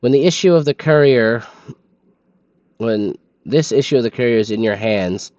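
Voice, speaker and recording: A drowsy man reads game documents aloud to his stream, tripping over hard names as he goes. His voice sits at a middle pitch, with a dry, slightly dull lo-fi sound and no room echo. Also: normal speed, darkish tone. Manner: stumbles over names, sleepy and yawning. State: sleepy.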